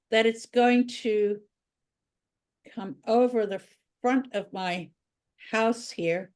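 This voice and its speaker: A woman art teacher walks through a drawing lesson, chatting as she works. She thinks aloud while she draws, and her pitch sits in a middle range. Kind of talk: drawing tutorial.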